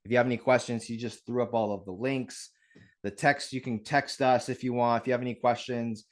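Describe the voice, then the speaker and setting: A man hosting a live real estate webinar, talking in an energetic, upbeat way straight to his audience over a video call mic. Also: mid-range voice, fairly quick. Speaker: webinar host.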